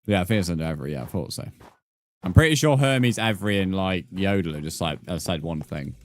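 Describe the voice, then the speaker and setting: A man's voice: sits low, animated, fast. A young man streaming a building game, chatting with viewers, swearing freely and calling everyone mate. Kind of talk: casual gameplay livestream chat. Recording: faint background music.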